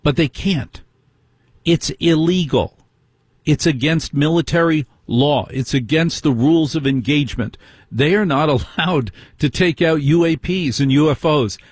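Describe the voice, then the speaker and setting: A middle-aged male talk radio host with a husky voice and a dry, close sound. He talks in an indignant way and keeps firing rhetorical questions at his listeners. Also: a little high, measured pace, dry recording. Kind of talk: call-in talk radio monologue.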